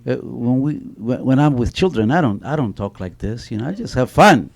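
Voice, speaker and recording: A man's voice: mid-range voice, lively intonation, normal speed, gravelly, a little mellow. A middle-aged man speaking on an author panel, telling stories animatedly with many restarts and a repeated "you know.". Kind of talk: panel talk with spoken storytelling.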